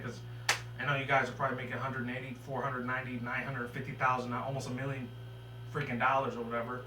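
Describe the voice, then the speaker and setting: A man's voice: mid-range voice, bright, forceful tone. A man giving a casual spoken review of a cartoon episode, rambling and swearing freely. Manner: rambling and profane, with loose filler. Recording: echoey room, mic at a distance, faint hum.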